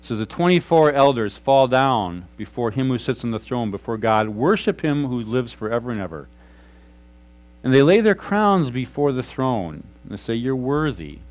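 A middle-aged male pastor delivers a sermon in an earnest, conversational way, at a middle pitch. He often drops his voice to a soft hush when he speaks prayers aloud. A faint hum sits behind his voice. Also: sing-song, normal speed, poor audio.

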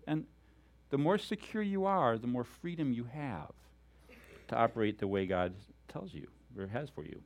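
Animated man preaching with frequent chuckles. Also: medium pitch, normal speed. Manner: animated storytelling, chuckles often. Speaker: pastor. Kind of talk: sermon.

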